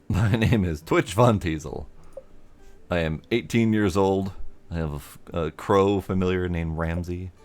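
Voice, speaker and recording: A man's voice: low-pitched, measured pace, a little mellow. A man voicing a sulky, sarcastic eighteen-year-old witch, reading game dialogue in his own dry voice. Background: faint game music.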